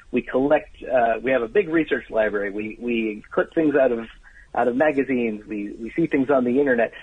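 A man being interviewed as a book's author over the phone, talking with animated enthusiasm about surprising trivia. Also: mid-range voice, breathy edge. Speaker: guest author. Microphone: telephone. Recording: tinny dry phone line.

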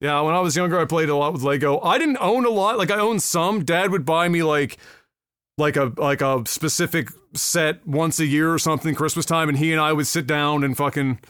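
A foul-mouthed man holds forth on a casual podcast. His voice sits high and climbs higher as he gets worked up. The close mic leaves the sound dry, with no room around it. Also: fairly quick, clear, resonant tone, no room sound. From Nova Scotia, Canada. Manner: profane, ranting, loud when worked up. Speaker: podcast co-host.

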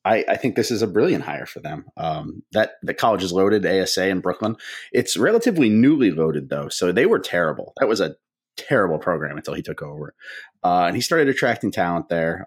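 A man co-hosting a sports show over a remote call, talking in an animated, casual way. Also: sits low, fairly quick, breathy edge. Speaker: co-host.

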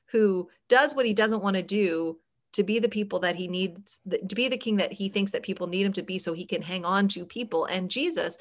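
A woman's voice: lowish voice, creaky, fairly bright tone. A middle-aged woman hosting a podcast, chatting casually with frequent fillers and laughs. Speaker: podcast host.

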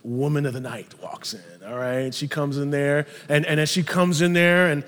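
Man preaching a sermon, high voice, emphatic storyteller, big echoey church hall. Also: moderate pace, fairly bright tone. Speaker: pastor.

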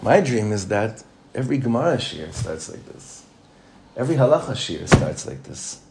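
A man's voice: on the low side, sing-song, moderate pace, vocal fry, a little mellow. A man teaching an informal Torah class as a rabbi. He talks conversationally, repeats phrases for emphasis and chuckles often.

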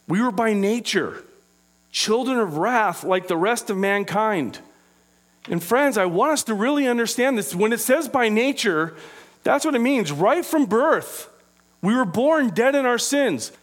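A man preaching a sermon as pastor, acting out small scenes and dropping low and quiet for scripture readings. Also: unhurried. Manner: animated preaching with acted-out impressions.

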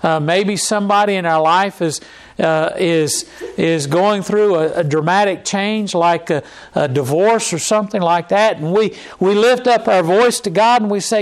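A man's voice: high voice, normal speed. A man preaching a sermon. He reads scripture aloud, then preaches with fervent, pleading outbursts.

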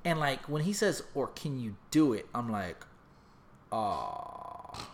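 A man's voice: medium pitch, lively intonation, normal speed, a little hiss or hum. A man hosting a podcast, telling a long profane story in casual chat, acting out voices and sound effects. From half Mexican. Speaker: podcast host.

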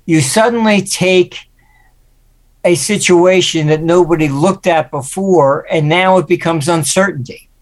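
A man's voice: high-pitched, a little slow. An older man, a guest forecaster, telling anecdotes in an interview and acting out the voices he quotes. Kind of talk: interview storytelling.

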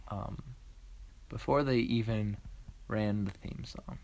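A woman's voice: extremely low pitch, fairly even intonation, slow pace, creaky, a little mellow. A woman co-hosting a podcast, talking casually and explaining her points at length. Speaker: podcast co-host. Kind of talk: casual chat.

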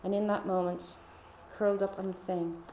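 A woman's voice: mid-range voice, level tone, moderate pace, dark tone, a little hiss or hum. A woman podcast host telling her personal faith testimony in a heartfelt, confiding way. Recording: roomy echo.

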